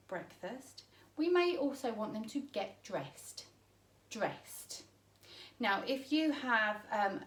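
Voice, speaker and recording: A woman teaching parents basic home signs, explaining each one patiently and often checking in with "okay?". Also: a little high. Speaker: sign language teacher. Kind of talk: instructional demonstration for parents. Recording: roomy echo, mic at a distance.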